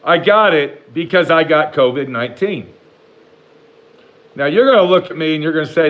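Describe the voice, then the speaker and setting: A man telling a rambling personal story to the camera in a casual, animated way, swearing freely and talking back to imagined critics. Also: fairly high pitch, rough recording. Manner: profane, rambling, talks back to imagined haters; animated, jumps between slow emphasis and rushed asides.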